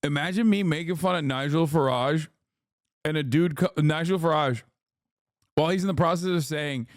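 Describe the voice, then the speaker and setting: Blunt, fast-ranting male streamer. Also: a little high, no room sound, clean studio sound. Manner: blunt, profane, rapid-fire ranting. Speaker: livestream host. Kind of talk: streamer commentary.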